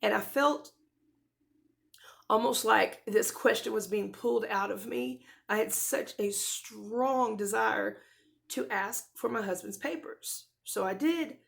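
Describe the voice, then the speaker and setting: A woman in her thirties talking to her camera in a casual, rambling way, with many restarts and soft laughs, close to tears. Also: a little high, slow pace, creaky. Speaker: vlogger.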